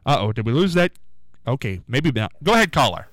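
Lively radio host with a strained throat. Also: male voice, medium pitch, a little fast, dry recording, rough recording. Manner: lively, upbeat, sing-song when rejecting guesses. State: throat going hoarse. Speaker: radio call-in show host. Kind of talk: casual live radio quiz chat. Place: radio studio.

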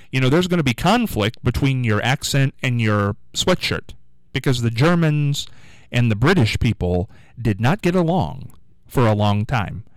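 A man's voice: medium pitch, no echo, poor audio. Guy on local radio, rambly and chatty, voice goes up and down a lot, dry studio sound. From United States. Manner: rambling, chatty, self-amused, many fillers. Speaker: local radio talk show host. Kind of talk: casual call-in radio chat.

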